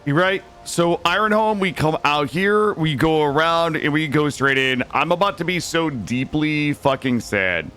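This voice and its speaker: A man's voice: fairly high pitch, unhurried, hardly any pauses, sharp tone, faint music behind. A young man live-streaming a video game, talking anxiously and dramatically to his chat as he plays.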